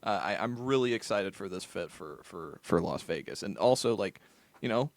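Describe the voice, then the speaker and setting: A man's voice: low-pitched, lively intonation, normal speed, gravelly, no echo. A man co-hosting a football podcast, chatting casually and loosely, often restarting his sentences. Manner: loose, conversational, many restarts. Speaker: co-host. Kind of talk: casual chat.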